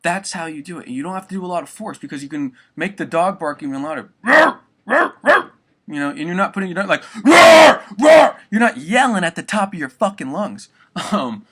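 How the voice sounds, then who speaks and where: A man's voice: fairly high pitch, quick pace, a bit bright. A young man giving a casual spoken vocal tutorial, rambling loosely and swearing often.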